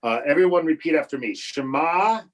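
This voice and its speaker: Male rabbi, online class, video call audio, halting speech, lots of restarts, patient, mid-pitched voice. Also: a little hiss or hum, low-quality recording. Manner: halting, with many restarts and fillers; patient and encouraging. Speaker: rabbi teaching a bar and bat mitzvah class. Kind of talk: online class teaching Hebrew prayer reading.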